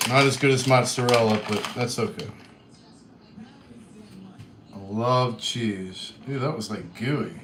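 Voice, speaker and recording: A man's voice: mid-range voice, slow, pauses often, background noise. A man in his thirties from Western Kentucky with a light Kentucky accent, chatting casually on a livestream while cooking and reading out viewer comments. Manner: chatty, reads out viewer comments, soft-spoken. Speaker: livestream host.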